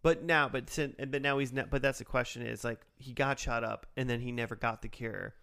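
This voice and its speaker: A man's voice: medium pitch, fairly even intonation, brisk, creaky, pushed and bright, smooth. A man co-hosting a podcast, thinking aloud in a rambling, casual way. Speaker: podcast co-host. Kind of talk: casual chat.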